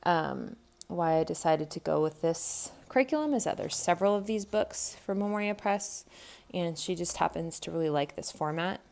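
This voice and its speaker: A woman's voice: on the low side, moderate pace, vocal fry, hardly any pauses, darkish tone, a little hiss or hum. A woman in her thirties, a homeschool vlogger, chatting casually at home as she thinks aloud with frequent ums. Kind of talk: casual unboxing narration. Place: home, by a table with a tripod camera. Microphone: camera mic on a tripod.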